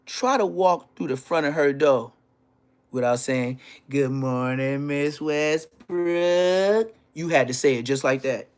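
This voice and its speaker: A man telling profane, animated stories from his school days on a casual livestream, laughing as he goes. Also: mid-range voice, normal speed. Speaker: livestream host. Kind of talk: casual storytelling.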